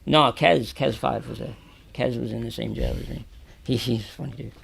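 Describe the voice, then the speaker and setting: At a normal speed, a New Yorker with vocal fry in his mid-range voice shares prison stories as an interview guest in a radio or podcast studio. His telling is casual and animated, full of free swearing and loud, acted-out quotes.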